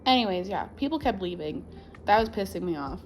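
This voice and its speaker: A woman's voice: medium pitch, fairly quick, slight background noise. A young woman chatting casually to camera from her living room floor, laughing often and filling her talk with "like" and "um". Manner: chatty, animated, laughs often, many fillers. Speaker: vlogger.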